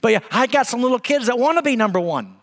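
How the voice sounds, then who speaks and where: A man's voice: very high-pitched, very animated, quick pace, fairly bright tone. A man in his forties preaching a sermon as pastor, telling a story with emphasis and laughing now and then. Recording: long hall reverb.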